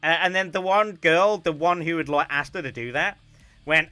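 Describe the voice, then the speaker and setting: A man chatting casually on a stream, telling a story with animated bursts of loud, laughing shouts. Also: a little high, brisk, smooth.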